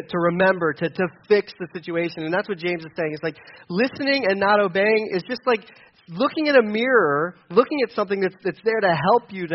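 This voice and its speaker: A man's voice: high voice, muffled recording. A man preaching a sermon in a conversational, self-deprecating way, acting out little everyday scenes. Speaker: pastor.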